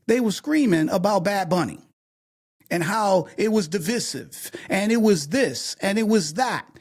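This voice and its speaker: A male podcast host in a heated discussion. His voice has a gravelly fry and swings widely in pitch. He hammers each point home with repeated questions to his co-host. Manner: emphatic, drives points with repeated "okay?" and "right?".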